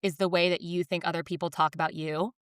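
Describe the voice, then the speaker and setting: This woman in her thirties co-hosts a podcast, chatting casually and slipping into different voices whenever a story has quotes. Her voice is on the low side and clean, she talks fast, and the recording is dry with studio quality.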